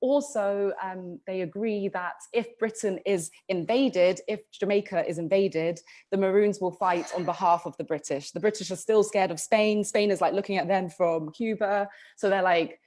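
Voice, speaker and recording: A woman's voice: medium pitch, normal speed, hardly any pauses, a little mellow. A woman co-hosting a history podcast, telling the story in a casual, chatty way with frequent ums and restarts. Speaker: podcast co-host.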